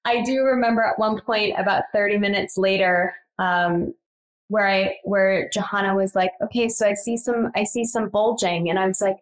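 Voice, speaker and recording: A woman in her thirties telling her birth story in casual conversation, full of fillers and lively quoted lines. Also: normal speed, poor audio. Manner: animated, acts out quoted lines with higher pitch, frequent fillers.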